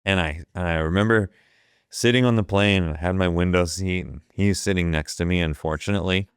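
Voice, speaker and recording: A man in his fifties from Ohio, telling a wild story as a podcast guest. His low voice is smooth and resonant, and he swears freely while acting out each line of dialogue. The recording is close and dry. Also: brisk, dry recording. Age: 50s. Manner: profane, vivid retelling that acts out the quoted dialogue. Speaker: guest, photographer. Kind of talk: casual storytelling.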